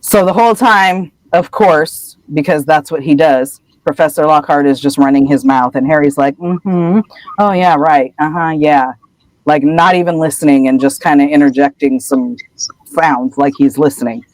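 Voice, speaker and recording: A woman co-hosting a podcast, casually recapping a story in an animated way and slipping into voices. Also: deep voice, moderate pace, dry recording, low-quality recording. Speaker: podcast co-host.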